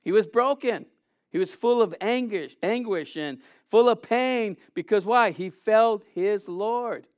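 Male preacher, high and smooth voice, dry close sound; animated, reads scripture, quizzes the room. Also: unhurried, dry recording, lo-fi sound. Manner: animated, acts out scenes, asks the audience questions. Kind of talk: sermon with scripture reading.

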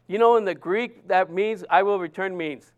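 A man's voice: sits high, moderate pace, darkish tone, highs cut off. A man preaching a sermon, earnest and emphatic, often restarting his sentences.

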